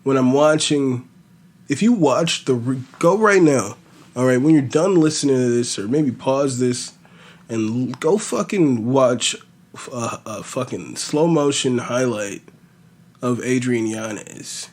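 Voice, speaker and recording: A man's voice: mid-range voice, unhurried. Profane rambling man with a slight lisp. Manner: profane, rambling, animated storytelling. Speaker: podcast host. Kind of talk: casual fight-prediction chat.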